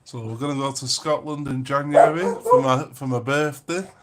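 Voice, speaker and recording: A man's voice: mid-range voice, normal speed, very noisy. A man with a Lancashire accent co-hosting a casual live stream, joking and bantering while baking. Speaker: channel co-host.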